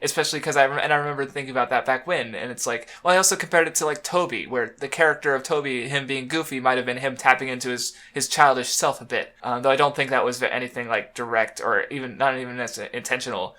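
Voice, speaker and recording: A man co-hosting a casual podcast about comics. His voice is bright and forward, sitting at an average pitch. He rambles and restarts often and breaks into laughter as he talks. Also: steady tone, fast, few pauses. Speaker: podcast co-host. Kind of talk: casual chat about manga.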